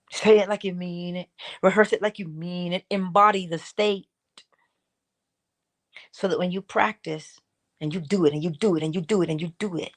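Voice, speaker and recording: This morning inspiration stream is led by a middle-aged female host whose low voice carries a theatrical, insistent spiritual pep talk. Expressive throughout, she alternates high acted asides with soft, low remarks, leaning on repetition, exhortation and stretched-out emphasis.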